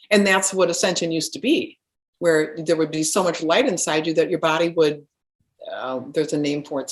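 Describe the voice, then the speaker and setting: A middle-aged woman, a spiritual healer, earnestly telling a personal story with animated restarts. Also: deep voice.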